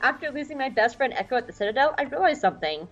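Indignant young male soldier, read by a woman, fairly high voice over faint music. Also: very animated, very fast, fairly bright tone, dull audio, heavily acted. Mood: defiant.

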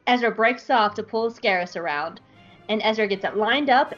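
Brief: woman co-host, casual animated recap, slightly lo-fi sound with faint music under it. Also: mid-range voice. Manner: chatty, animated, jokey. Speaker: podcast co-host.

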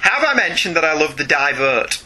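A man's voice: on the high side, brisk, noisy background. A man co-hosting a casual podcast, chatting and reading listener emails aloud with frequent laughs. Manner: chatty, animated, laughs often, reads aloud. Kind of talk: casual chat.

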